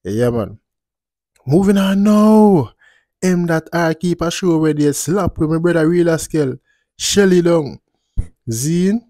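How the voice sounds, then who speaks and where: A man's voice: a little high, expressive, unhurried, dark tone, no echo. Laid-back man host, dry sound. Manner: laid-back, drifting, repeats "you see me". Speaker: channel host and commentator. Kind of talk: casual commentary vlog.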